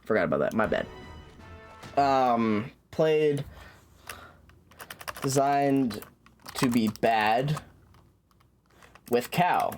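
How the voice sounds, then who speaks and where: A man's voice: mid-range voice, animated, extremely slow, long pauses, soft background music. A man streaming a game, chatting casually and rambling with lots of fillers, restarts and swearing.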